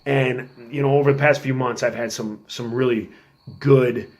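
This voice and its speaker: A middle-aged man telling stories in a casual podcast chat, working as a police officer, animated and acting out quotes. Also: medium pitch, normal speed. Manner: animated storyteller, acts out quotes in a raised voice.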